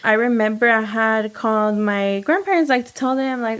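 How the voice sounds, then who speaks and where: A young woman speaks in a fairly high voice. She tells her story in animated casual chat, acting out what people said and filling it with "like". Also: normal speed. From United States. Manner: animated, lots of "like" and quoted dialogue. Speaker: guest, home baker and business owner.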